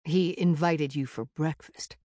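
A man's voice: a little high, steady tone, measured pace, a little mellow, no room sound, studio quality, lightly acted. A woman voicing a weary young male vampire prince who talks in short, clipped questions. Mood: dry, weary.

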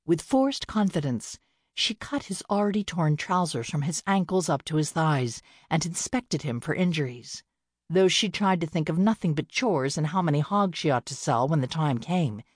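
A woman narrating a novel in a steady, measured storytelling voice. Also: low voice, husky, dry recording, studio quality. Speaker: audiobook narrator. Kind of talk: scripted narration.

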